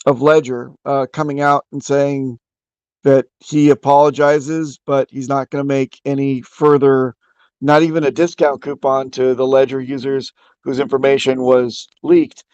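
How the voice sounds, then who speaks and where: A man's voice: mid-range voice, level tone, measured pace, a little mellow, clear, resonant tone, no room sound, dull audio. A man talking in a casual online voice chat, making his case at length and restarting his sentences as he goes. His voice is dry and close to the mic, with no room sound around it. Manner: opinionated, explains at length with restarts.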